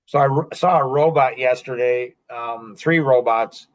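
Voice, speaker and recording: Slow, rambling man in his sixties. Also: medium pitch, low-quality recording. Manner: rambling and halting, with many fillers and restarts. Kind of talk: casual conversational storytelling.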